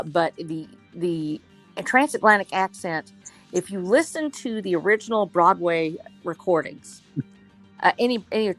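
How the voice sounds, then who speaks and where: A woman from Texas chatting enthusiastically in a writers' discussion and thinking aloud as she talks. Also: lowish voice. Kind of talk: casual chat.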